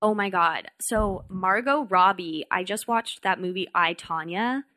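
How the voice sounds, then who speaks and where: A woman's voice: medium pitch, measured pace, sharp tone, no room sound, studio quality. A woman comedian guesting on a podcast, chatting casually and reacting a lot. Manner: chatty, reactive, lots of fillers. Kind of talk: casual chat.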